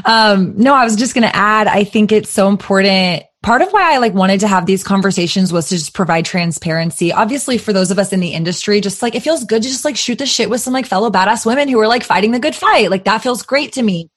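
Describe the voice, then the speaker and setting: A young adult woman from Texas, hosting a podcast in a casual, animated and emphatic way. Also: medium pitch, fast, hardly any pauses. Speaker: podcast host.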